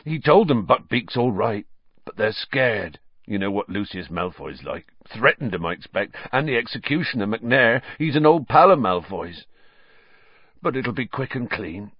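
A big, gentle gamekeeper in grief, as a male audiobook reader voices him, talking haltingly with a tremble. The recording is dry and a little muffled. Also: on the low side, big pitch swings, slightly rough, dry recording. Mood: resigned. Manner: halting, shaky speech. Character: huge, grieving, gentle gamekeeper man.

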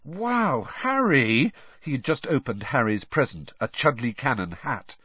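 A man narrating a storybook with expressive storytelling. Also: medium pitch, normal speed, breathy edge, dry recording. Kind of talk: audiobook reading with character voices. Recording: dull dry lo-fi.

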